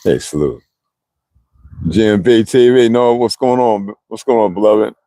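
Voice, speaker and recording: A man's voice: on the low side, a little slow, dry recording. A man talking on a livestream, preaching in a rambling, wandering way and reading out viewer comments. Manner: animated, preachy, digressive.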